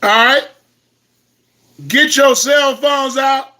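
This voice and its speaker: A man giving an impassioned, preaching-style lecture to online viewers, repeating himself and breaking into shouts. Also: very high voice, fairly even intonation, extremely slow. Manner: impassioned, repetitive, bursts into shouting. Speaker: host of an online talk.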